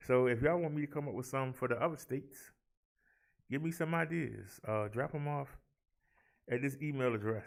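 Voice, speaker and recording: Brief: male vlog host, gravelly mid-range voice, theatrical and chatty, addresses the viewers as y'all. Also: medium pitch, unhurried, pauses often. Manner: theatrical, rolls his R's, talks to viewers as y'all. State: out of breath. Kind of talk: casual chat and daily numbers rundown.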